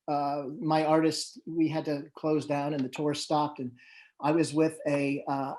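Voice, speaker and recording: A man who manages musicians moderates a panel, telling anecdotes in a loose, conversational way. His voice sits fairly high and is a little mellow. He tells his stories with lots of fillers and restarts.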